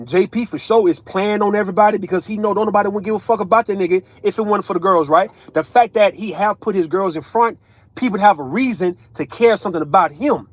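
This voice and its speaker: A man's voice: high voice, no echo. A man, ranting casually as an online commentator, profane and emphatic, tagging lines with right and man. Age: 30s.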